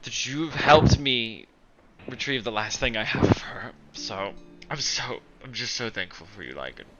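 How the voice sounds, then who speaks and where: A man voicing a sentimental, grieving young nobleman who talks softly and earnestly to his partner. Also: on the high side, sing-song, normal speed, dull audio, very noisy, voice pushed up. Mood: tender. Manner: soft, earnest, emotional.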